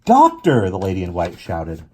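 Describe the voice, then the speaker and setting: A man reading a children's novel aloud in a quiet, measured way. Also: fairly even intonation, slightly rough. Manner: quiet, measured, drops low for sad moments. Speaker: reader.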